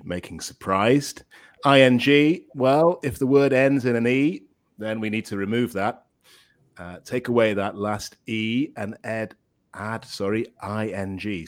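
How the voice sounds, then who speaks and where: A man co-hosting a podcast English lesson, reading example sentences aloud slowly and encouraging his co-host. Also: fairly low pitch.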